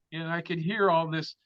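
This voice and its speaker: A man's voice: fairly high pitch, a bit bright, no room sound. Profane man telling a wild story. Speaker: interview guest. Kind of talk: storytelling in a casual interview. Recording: dull, dry lo-fi sound.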